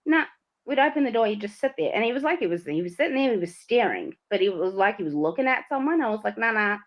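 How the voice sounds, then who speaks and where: Speaking fast in a medium-pitched, animated voice, a woman co-hosting a livestream tells a lively story. She acts out the quotes and keeps breaking into laughter. The sound from the livestream mic is somewhat dull and lo-fi.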